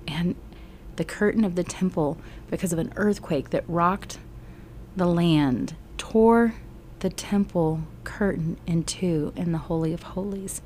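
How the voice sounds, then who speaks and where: A middle-aged woman Bible teacher telling a gospel story slowly and earnestly, often sinking into a whisper. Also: fairly low pitch, darkish tone, slight background noise. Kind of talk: emotional Bible storytelling lesson.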